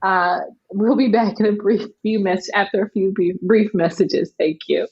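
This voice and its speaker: A woman's voice: mid-range voice, steady tone, normal speed. A woman hosting an interview show, friendly and a little hesitant, laughing often. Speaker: podcast host. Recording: dull lo-fi sound.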